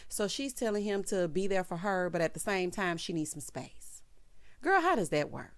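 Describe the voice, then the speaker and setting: A woman vlogger who recaps a TV episode in casual commentary, sassy and animated, often talking straight to the characters. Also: medium pitch, brisk, clear, resonant tone.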